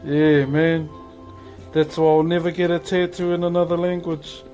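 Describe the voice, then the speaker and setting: A man with a New Zealand accent, a streamer casually chatting with viewers while woodcarving, laid-back and quick to laugh. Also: fairly high pitch, monotone, dark tone, soft background music. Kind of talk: casual livestream chat answering viewers.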